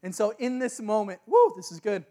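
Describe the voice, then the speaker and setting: High-voiced, excitable preacher man. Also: a little fast. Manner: lively, casual storytelling with slang and excited exclamations. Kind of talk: sermon.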